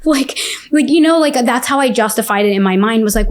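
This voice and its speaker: A young adult woman telling a personal story in casual speech, full of "like" and quick restarts. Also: mid-range voice. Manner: fast, filler-heavy telling with many "like"s. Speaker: guest sharing her story.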